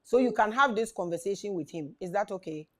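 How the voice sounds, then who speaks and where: A woman hosting a live call-in show, brisk and encouraging, with frequent affirmations. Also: medium pitch, expressive. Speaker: radio show host.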